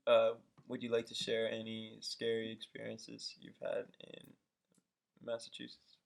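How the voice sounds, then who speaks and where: A man's voice: fairly low pitch, monotone, unhurried, gravelly. A young man hosting a casual home interview with his mother, playful and a bit hesitant with fillers.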